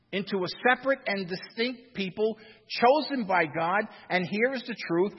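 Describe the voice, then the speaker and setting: A man's voice: sits high, breathy edge, in a large hall, muffled recording. A man preaching a sermon as a pastor, with swells of emphasis and repeated phrases.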